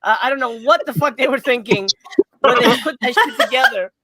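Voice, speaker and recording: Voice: mid-range voice, brisk, a crowd in the background. A podcast host chatting casually in a movie review, rambling and swearing freely, laughing often.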